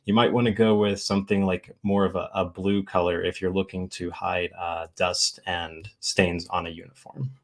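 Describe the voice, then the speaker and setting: A man with a fairly low voice answers as a guest on a cleaning show. He is relaxed and halting, and he leans on fillers while he works out his answer. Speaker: cleaning company founder, guest. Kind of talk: casual interview answers.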